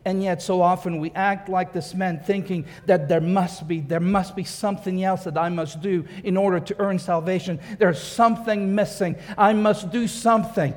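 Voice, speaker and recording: High-voiced preacher in an echoing hall. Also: male voice. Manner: emphatic, repeats key phrases, rhetorical questions. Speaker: pastor. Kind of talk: sermon.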